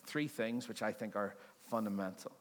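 Speaking at normal speed in a voice on the low side, a male pastor preaches to his congregation during a church service. He keeps it conversational and jokey, frequently asking the listeners questions.

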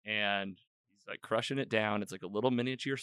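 A man hosting a casual chat, retelling an episode in a rambling, animated way with quoted lines. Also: on the low side, brisk, clean tone, no room sound, clean studio sound. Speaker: podcast host.

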